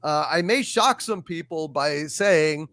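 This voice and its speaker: A man with a high-pitched voice hosts a live pop culture panel show. He runs the talk with a wry, sarcastic edge. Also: slow, a bit bright. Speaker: host.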